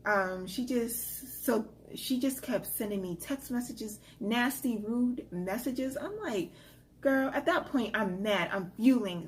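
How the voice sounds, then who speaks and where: A young woman telling a personal story in a casual vlog, chatty and animated, with many fillers. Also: medium pitch, a little hiss or hum. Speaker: vlogger.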